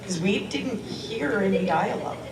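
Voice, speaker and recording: A woman's voice: mid-range voice, animated, moderate pace. A woman fan in the audience asking a panel question, eager and a little hesitant with restarts. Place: large convention hall. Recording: roomy hall, distant mic, crowd behind.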